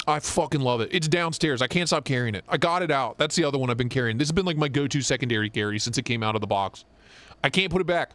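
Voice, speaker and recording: A young man co-hosting a live stream, chatting casually and swearing as he jokes and gets excited. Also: medium pitch, quick pace, dry recording. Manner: excited, profane, joking. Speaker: knife show co-host.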